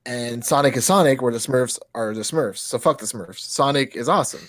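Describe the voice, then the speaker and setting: A man in his thirties co-hosting a podcast, excitable and swearing freely, his pitch jumping up when he gets worked up. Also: brisk, no room sound, studio quality. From Europe. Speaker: podcast co-host. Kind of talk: casual chat.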